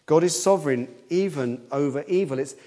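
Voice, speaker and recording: A man's voice: brisk, mellow. A man preaching an expository sermon in an earnest way, often repeating words as he thinks aloud and lifting his voice on quoted cries. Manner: rises in pitch and force on quoted cries.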